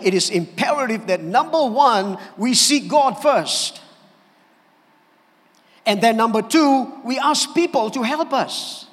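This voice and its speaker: Man, pastor, lively sermon, amen calls, long hall echo. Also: high-pitched, unhurried. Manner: animated preaching with calls for amen. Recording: church hall reverb.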